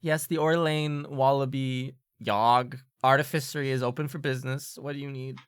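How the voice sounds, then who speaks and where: A man's voice: mid-range voice, fairly even intonation, moderate pace, smooth, no room sound, clean studio sound, close to an everyday voice. A man voicing Kurt, a lethargic young male clockwork tinkerer in a tabletop game, talking tiredly and sighing grudgingly.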